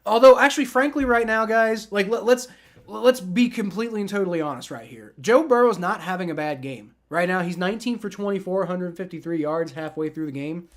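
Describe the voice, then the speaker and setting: A man's voice: high-pitched, brisk. A man hosting a live football reaction stream, talking casually and rambling, with frequent restarts and swearing. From family from the American South. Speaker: livestream host.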